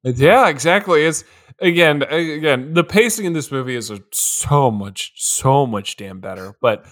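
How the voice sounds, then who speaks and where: Lively guy cracking up over a kids movie, jumps way up in pitch for silly impressions. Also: moderate pace. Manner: animated, laughing, mocks characters in high voices. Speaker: podcast co-host. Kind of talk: casual movie commentary.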